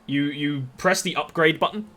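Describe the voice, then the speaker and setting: A man's voice: fairly high pitch, normal speed, pushed and bright. A man running a tabletop game as game master, describing scenes in a rambling way with many fillers.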